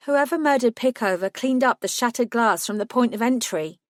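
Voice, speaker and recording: A woman's voice: on the high side, animated, moderate pace, hardly any pauses, no room sound, clean studio sound. A woman reading a first-person audiobook in a scripted narration style, voicing each character with small shifts.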